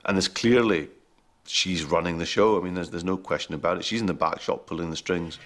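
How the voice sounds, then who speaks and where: A man's voice: deep voice, steady tone, a little fast, a bit bright. A man telling anecdotes in a documentary interview.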